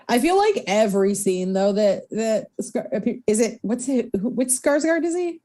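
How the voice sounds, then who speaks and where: Young woman, co-host, casual chat, laughs often, slightly high voice. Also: big pitch swings, normal speed, dark tone. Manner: chatty, laughs often, acts out quotes. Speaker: podcast co-host.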